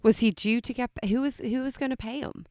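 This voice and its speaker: A woman co-hosting a casual chat podcast, blunt and quick with wry one-liners. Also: a little high, steady tone, darkish tone, no room sound, clean studio sound. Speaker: podcast co-host.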